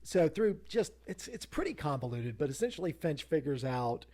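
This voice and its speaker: A man's voice: fairly high pitch, sing-song, moderate pace, dark tone. A man co-hosting a podcast, recapping a TV episode in a casual, rambling way, full of fillers and self-interruptions. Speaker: podcast co-host.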